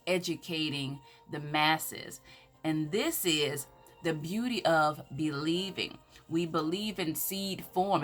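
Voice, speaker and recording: A woman's voice: lowish voice, fairly bright tone. A woman with a Southern American accent, speaking as an empowerment speaker in a preacherly, emphatic way. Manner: preacherly, scripture-quoting, emphatic. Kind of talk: inspirational faith talk.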